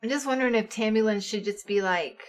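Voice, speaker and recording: A woman's voice: mid-range voice, fast. A woman co-hosting a livestream, talking casually and a little hesitantly as she thinks aloud. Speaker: stream co-host. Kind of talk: casual chat.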